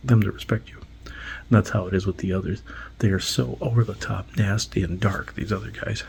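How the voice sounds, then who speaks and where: Host, man, casual rambling monologue, gravelly voice, slips into half-whispers. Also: sits low, a little mellow, a little hiss or hum, rough recording. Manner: rambling, with frequent restarts and half-whispered asides. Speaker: podcast host. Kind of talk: casual monologue recounting dreams.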